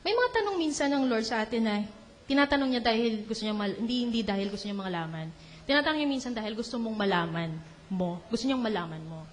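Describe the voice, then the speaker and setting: A woman with a Filipino accent teaches on faith in a slightly high voice. She switches between English and Tagalog and acts out quotes in an animated way. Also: quick pace, a little hiss or hum. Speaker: preacher. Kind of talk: religious teaching talk.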